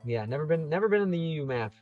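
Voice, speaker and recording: Speaking very fast in a fairly high, expressive voice, a male YouTuber reads out comments on his livestream, rambling easily and interrupting himself mid-sentence. The sound is phone quality, with faint game music in the background.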